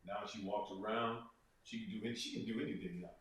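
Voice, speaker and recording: Ernsthafter Mann, hallender Raum. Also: male voice, on the low side, steady tone, fast talker, fairly bright tone. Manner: earnest, repeats phrases, acts out quotes. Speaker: interview guest. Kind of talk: casual interview talk. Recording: echoey room from far off.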